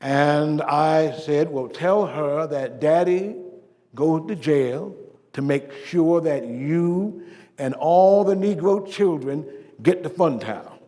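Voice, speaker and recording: A dignified civil rights preacher recounts his past in a stately stage monologue, voiced by a male actor. The man's voice sits a little high, and it rises to emphatic peaks before sinking to near whispers. A long reverb rings through the hall. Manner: measured oratory with emphatic swells and hushed drops. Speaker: living-history performer. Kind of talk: first-person living-history monologue. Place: stage performance.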